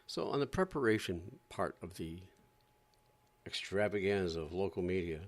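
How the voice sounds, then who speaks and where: A man's voice: low-pitched, lively intonation, moderate pace. A man hosting a podcast, ranting in an exasperated, sarcastic way and often repeating himself. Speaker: podcast host. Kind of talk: ranting commentary.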